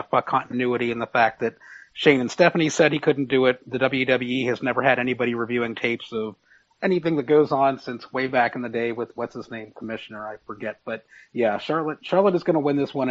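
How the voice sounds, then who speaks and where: Man panelist, mid pitch, opinionated, restarts words, dull lo-fi recording. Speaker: podcast panelist. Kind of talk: casual wrestling podcast chat. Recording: dull lo-fi sound.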